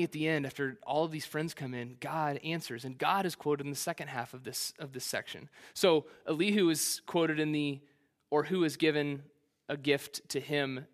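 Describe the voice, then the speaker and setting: A male preacher with a somewhat high-pitched voice delivers a sermon in a casual, conversational way. He retells the text in relaxed, slangy everyday words and drops playful asides as he goes.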